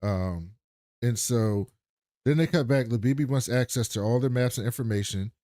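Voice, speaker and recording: A man co-hosting a podcast, casually recapping a TV episode in a brisk retelling with laughing asides. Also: mid-range voice, warm tone, no room sound, clean studio sound. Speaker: podcast co-host.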